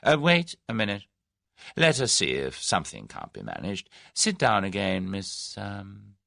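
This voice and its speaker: A man's voice: lowish voice, huge pitch swings, a little slow, vocal fry, sharp tone, no echo, clean studio sound, heavily acted. A man doing a suave scheming businessman. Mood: persuasive. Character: smooth, scheming middle-aged businessman, genial then menacing.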